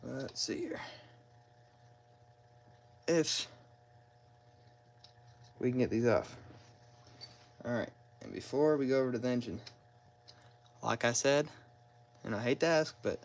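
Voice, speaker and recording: A man narrates his engine repair at an unhurried pace, drifting into self-deprecating asides as he works. His voice sits at an ordinary middle pitch. It is picked up by a nearby phone in a garage, with a faint workshop hum behind him. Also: rough recording. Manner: rambling, self-deprecating, talks to himself while working. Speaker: car mechanic vlogger. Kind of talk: casual how-to narration while working. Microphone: phone propped nearby.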